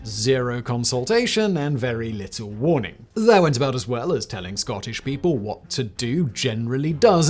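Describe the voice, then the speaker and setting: A man giving scripted history narration with a wry, sarcastic humor and emphatic, swinging delivery. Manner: wry, sarcastic, jokey asides; lively, emphatic delivery with big pitch swings. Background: faint background music.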